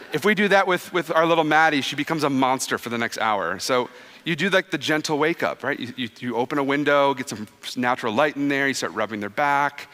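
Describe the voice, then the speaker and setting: A man in his thirties, a pastor giving a conversational, animated sermon that drops soft and low for quoted words. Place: church sanctuary. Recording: long reverb of a church hall.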